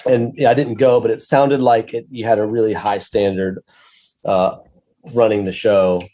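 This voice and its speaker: A man co-hosting a casual podcast chat, relaxed and chatty, laughing easily. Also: on the low side, normal speed. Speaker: podcast co-host.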